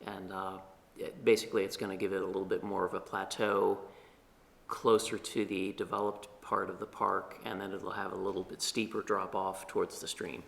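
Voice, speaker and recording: A man on town staff giving a measured, hesitant meeting report in a meeting room, with many pauses. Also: low voice, level tone, gravelly, fairly bright tone.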